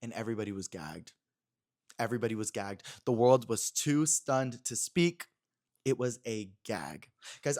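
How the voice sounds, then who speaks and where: A man's voice: mid-range voice, darkish tone. A young man hosting a podcast in a small room, chatting casually and acting out quotes as he retells a story. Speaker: podcast host.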